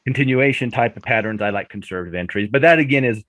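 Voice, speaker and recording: A man on a trading show presenting chart setups in a relaxed, step-by-step way with friendly banter. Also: medium pitch, quick pace, dry recording. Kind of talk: casual chart analysis chat.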